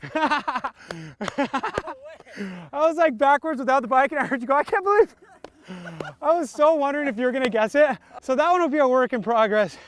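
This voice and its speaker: This bike-riding vlog host, a man in his thirties, talks with an extremely high pitch, lively intonation, and a slightly fast pace. He's outdoors at a dirt jump, playful and laughing often, cracking jokes and shouting with hype in his casual video.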